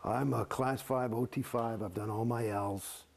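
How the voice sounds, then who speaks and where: A middle-aged man, an actor, telling his own story in an interview, profane and animated, acting out the exchanges he describes. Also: medium pitch, unhurried, gravelly. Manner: profane, animated, gets heated and acts out quoted exchanges.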